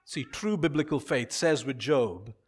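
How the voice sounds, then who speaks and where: A man preaching a sermon as pastor, swinging from hushed to loud and repeating key lines for emphasis. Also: mid-range voice, lively intonation, a little slow, husky.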